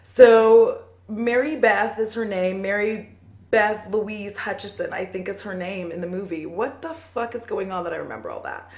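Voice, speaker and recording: A woman in her thirties casually retelling a movie for a podcast, rambling and profane, with playful asides and quick voices for the characters. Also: mid-range voice, expressive, a little mellow. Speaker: podcast host. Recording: roomy echo.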